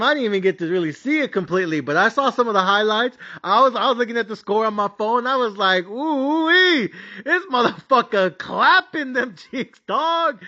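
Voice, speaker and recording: A rowdy man rants his way through a betting podcast, cursing freely and hyping himself up. His voice sits high with a sharp, bright edge. The recording sounds dull and lo-fi. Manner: boisterous, swearing, hyped-up. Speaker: sports betting podcast host. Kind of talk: casual profane podcast rant.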